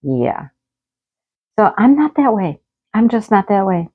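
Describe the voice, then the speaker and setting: A woman's voice: medium pitch, big pitch swings, measured pace. A middle-aged woman, a teacher, chatting casually in her craft vlog, telling a story with a lot of laughter and acting out the dialogue. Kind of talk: casual chat while crafting. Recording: slightly dull lo-fi audio.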